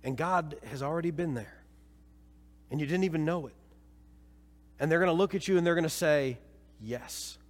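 A man preaching a sermon as pastor, swinging from emphatic peaks to quiet low passages. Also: brisk, long pauses. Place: church sanctuary. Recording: long reverb of a church hall.

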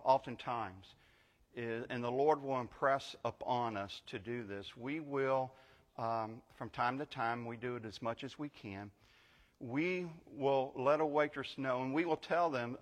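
A man's voice: mid-range voice, unhurried. Older man preaching in a reverberant church. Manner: conversational storytelling, building to emphatic preaching. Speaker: guest pastor. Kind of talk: sermon. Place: church sanctuary.

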